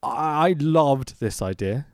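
A man's voice: medium pitch, lively intonation, slow pace, dry recording, studio quality. A man co-hosting a podcast in casual chat, swearing freely and laughing often. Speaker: podcast co-host.

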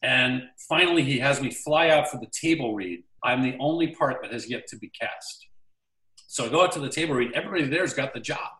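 A man's voice: medium pitch, brisk, roomy sound, far from the mic, poor audio. Man telling a showbiz story. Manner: animated storyteller acting out quoted lines. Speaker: actor guest. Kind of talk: casual anecdote storytelling.

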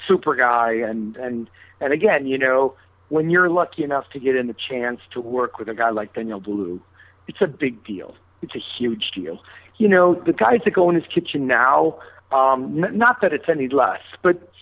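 A man's voice: mid-range voice, dry recording. A man telling a long anecdote in a radio interview, acting out both sides of old phone calls. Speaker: guest chef. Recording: tinny phone-line sound.

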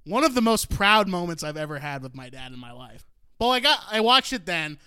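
A man in his twenties telling a profane comic story on a podcast, animated and prone to shouting out his own outbursts. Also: high voice, brisk, clean tone, no echo, clean studio sound.

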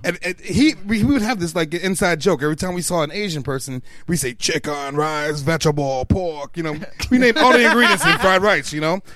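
A man in a casual group chat, telling stories in an animated way and swearing freely. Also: sits high, fast, hardly any pauses.

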